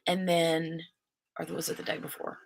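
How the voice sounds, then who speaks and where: Chatty woman host with a lowish voice. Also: level tone, moderate pace, gravelly, a loud crowd, rough recording. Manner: rambling, chatty, stops and restarts mid-thought. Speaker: crafting channel host. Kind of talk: casual live-stream chat. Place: at home, seated in her chair. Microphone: desk microphone.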